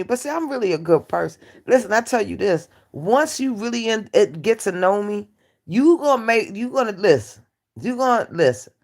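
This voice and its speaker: A woman hosting a live stream, chatting casually with her viewers in a brassy, joking way, laughing often and dropping from loud outbursts to low asides. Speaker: livestream host. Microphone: phone or computer mic on a livestream.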